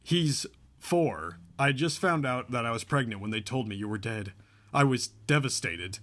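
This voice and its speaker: A man's voice: medium pitch, lively intonation, moderate pace, a bit bright, close to an everyday voice. A man reading as a wounded young wife. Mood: pained. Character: young woman, guarded and wounded.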